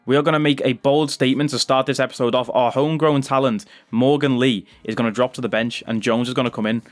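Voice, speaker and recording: A man giving chatty gameplay commentary as a gaming YouTuber, bursting into loud cheers on goals. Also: mid-range voice, steady tone, fast.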